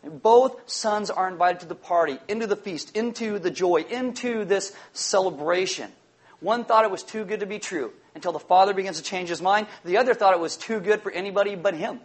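A male pastor preaching a sermon emphatically, repeating key lines and slowing down to drive them home. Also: high-pitched.

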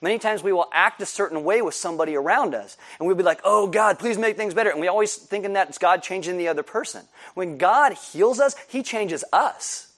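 A male pastor preaching a sermon in an animated way, acting out scenes with voices. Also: high-pitched, a little fast, few pauses.

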